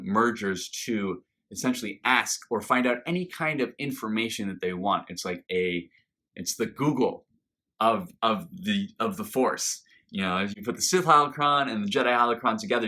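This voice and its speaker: Excitable male video reviewer, low voice with a bright edge, rambling. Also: moderate pace. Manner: enthusiastic, rambling with fillers and restarts. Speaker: reaction video host. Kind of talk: casual review monologue.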